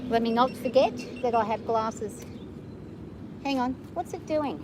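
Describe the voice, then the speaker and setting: A woman's voice: fairly high pitch, a little slow, background noise. A middle-aged Australian woman chatting casually outdoors while calling short commands to her horse. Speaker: horse owner lunging her horse. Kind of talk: casual vlog with calls to a horse. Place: outdoor riding area.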